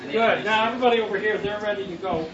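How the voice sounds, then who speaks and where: A man's voice: sits high, fast talker, a loud crowd. A man preaching an interactive sermon, playfully bantering with the audience in a large hall. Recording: distant, echoey, dull and noisy room recording.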